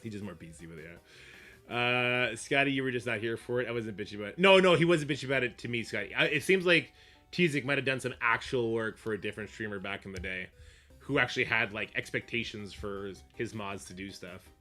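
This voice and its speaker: Male livestreamer, casual and profane, bright cutting voice, faint music underneath. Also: medium pitch, brisk. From Canada. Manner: profane, animated, answers chat. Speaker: streamer.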